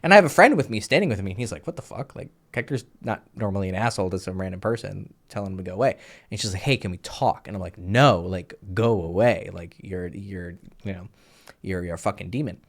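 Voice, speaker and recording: Young male dating coach, slightly low voice, crude casual storyteller. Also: quick pace, gravelly. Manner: crude, animated, laughs mid-story, many fillers.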